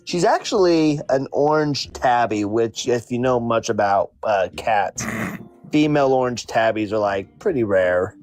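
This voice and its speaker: Relaxed, joking male panelist. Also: mid-range voice, measured pace, no room sound. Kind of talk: casual panel chat.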